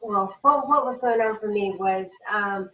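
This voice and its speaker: Woman talking slow and halting, far off, roomy muffled call sound. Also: medium pitch. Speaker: webinar participant. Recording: distant echoey lo-fi call audio.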